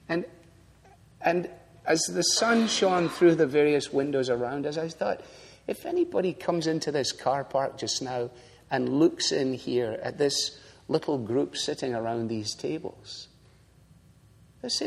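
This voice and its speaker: A man's voice: fairly high pitch, animated, moderate pace, creaky, slightly rough, in a large hall. An older man preaching a sermon as pastor, emphatic and repeating lines for effect.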